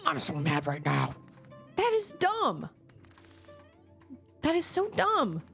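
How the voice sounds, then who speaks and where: A woman streaming a game, chatting casually and reacting with quick exclamations as she plays. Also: sits high, vocal fry. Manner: chatty, animated, quick exclamations and laughs while playing. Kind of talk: casual live-stream chat while gaming. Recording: faint game music behind.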